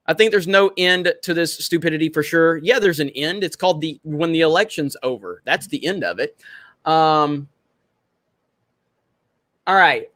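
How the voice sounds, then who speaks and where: A man's voice: high-pitched, a bit bright, no room sound. A man hosting a live stream, chatting casually and bantering with viewers in a brash, profane way.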